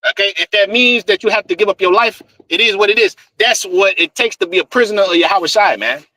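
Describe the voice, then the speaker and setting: A street preacher with a high, quick, pushed and bright voice delivers scripture in a fiery, profane style, captured on a rough recording. He repeats himself emphatically and tags "man" onto nearly every line.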